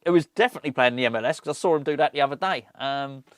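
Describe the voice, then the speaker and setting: A man's voice: medium pitch, racing, dry recording, studio quality. A middle-aged man, hosting a fan channel and chatting casually on his own with rambling, jokey asides. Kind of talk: casual solo football chat.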